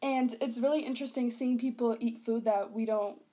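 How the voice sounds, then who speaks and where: A young woman with a fairly high voice presents casually, sliding between points with filler words. Her delivery sounds relaxed and conversational, like a student talk. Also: a little fast. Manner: chatty, laughs often, fillers.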